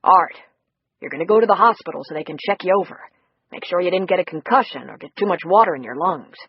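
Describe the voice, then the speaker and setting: A narrator voicing an older retired general who calmly gives brisk instructions. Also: male voice, high-pitched, breathy edge, no room sound, dull audio, full character voice.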